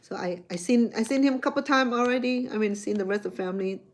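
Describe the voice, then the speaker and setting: A woman's voice: on the high side, fast talker. A middle-aged woman from Cambodia, chatting casually and rambling, often repeating words and restarting. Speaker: chef. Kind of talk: casual personal storytelling.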